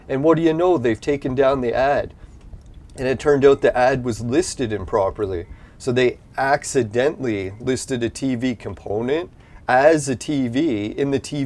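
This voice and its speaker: A man's voice: mid-range voice, darkish tone. A man from Canada hosting a gaming channel, telling a long exasperated story with constant swearing in a casual, rambling way. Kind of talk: casual ranting vlog.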